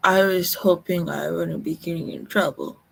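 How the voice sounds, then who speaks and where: A woman from Colorado, telling a personal story in a halting way, close to tears. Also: lowish voice, fairly even intonation, creaky, fairly bright tone, husky. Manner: slow, halting, emotional recollection.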